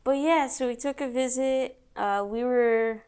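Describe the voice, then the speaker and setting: A woman's voice: on the high side, unhurried, a little mellow, clean tone. A young woman co-hosting a podcast, chatting casually with wry, laid-back remarks. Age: young adult. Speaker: podcast co-host. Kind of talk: casual chat.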